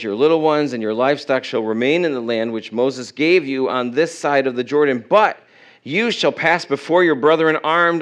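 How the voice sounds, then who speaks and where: Man preaching in a conversational way. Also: medium pitch. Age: middle-aged. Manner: conversational preaching, asks the congregation questions; reads scripture aloud with self-corrections. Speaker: pastor. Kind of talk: sermon. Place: church.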